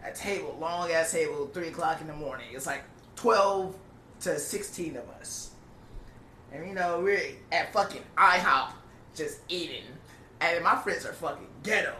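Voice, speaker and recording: A young man telling a profane, animated story in a casual podcast chat. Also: on the high side, moderate pace. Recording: echoey room, distant mic, faint noise.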